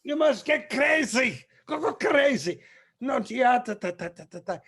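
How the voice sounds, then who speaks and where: A man's voice: extremely high pitch, animated, slow, a bit bright, breathy edge, pitched above the performer's own voice, exaggerated voice. A man putting on the voice of a demanding foreign male conductor, with a Spanish-tinged accent, urging and singing rhythm syllables. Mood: fired up. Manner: urgent, bursts into sung rhythm syllables.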